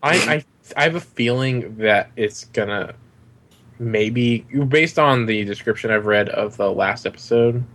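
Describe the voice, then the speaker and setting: A man co-hosting a casual podcast, joking through a TV recap with halting restarts. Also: mid-range voice, fairly bright tone. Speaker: podcast co-host.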